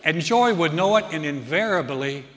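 A man preaching a sermon as pastor of a church, lively and acting out what people say. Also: fairly high pitch, moderate pace, some chatter behind, a little hiss or hum. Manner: animated, acts out people's remarks. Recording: long reverb of a church hall.

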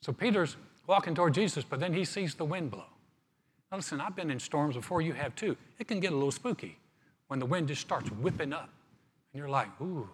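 A man preaching a sermon as pastor, reading scripture and then explaining it in a relaxed, conversational way with touches of humor. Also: fairly high pitch, a little fast, slightly rough, in a large hall.

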